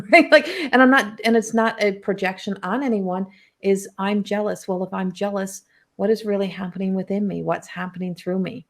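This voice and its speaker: A woman hosting a spiritual coaching podcast, telling stories in an animated, chatty way with lots of filler words. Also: mid-range voice, normal speed. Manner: animated storytelling, heavy use of "like". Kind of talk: casual podcast conversation.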